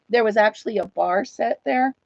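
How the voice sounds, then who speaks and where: A woman's voice: on the high side, unhurried, vocal fry, no room sound. Chatty woman on a muffled home stream. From United States. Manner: chatty, laughs often, talks to viewers and her dog. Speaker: host of a live chat stream. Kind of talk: casual live-stream chat.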